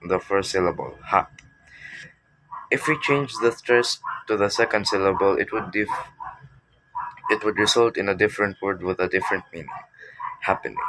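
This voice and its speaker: A man's voice: deep voice, fairly bright tone. A man teaching a class, reading a prepared lecture and correcting himself now and then. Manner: reads prepared text, with restarts.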